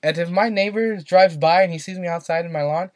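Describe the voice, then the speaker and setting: A man's voice: high voice, a little fast, no echo, studio quality. A young man from California, co-hosting a podcast and rambling through a story with lots of fillers and repeats. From Santa Maria, California. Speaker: podcast co-host. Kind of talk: casual chat.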